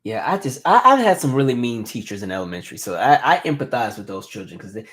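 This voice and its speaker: A man in his thirties hosts a relaxed live stream and chats with his viewers. He tells stories with lively energy and reads their comments out loud in an ordinary mid-range voice. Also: medium pitch, fast. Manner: animated storytelling, reads viewer comments aloud. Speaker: host. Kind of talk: casual live-stream chat.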